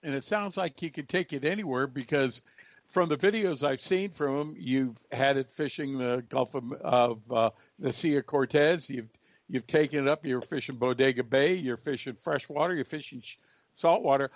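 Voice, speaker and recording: A man's voice: mid-range voice, normal speed, no room sound. Folksy male radio host, dull lo-fi sound. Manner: chatty, folksy questions. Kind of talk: radio interview.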